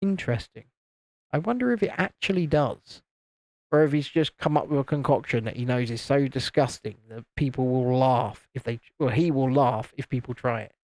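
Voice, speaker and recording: While putting together a model on a casual stream, this British host chats away, chuckling frequently and reading viewers' comments out loud. His voice is medium in pitch and a bit mellow, delivered at normal speed with no echo.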